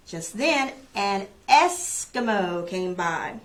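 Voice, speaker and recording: A woman who teaches preschool, reading a children's picture book aloud and then leading a phonics lesson in a clear, encouraging way. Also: mid-range voice, animated, slow pace, hardly any pauses, fairly bright tone.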